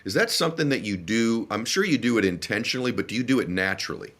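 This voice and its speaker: A man's voice: fairly low pitch, animated, fast talker, fairly bright tone. A man hosting a podcast, earnest and openly emotional as he introduces and questions his guest. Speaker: podcast host. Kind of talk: conversational interview.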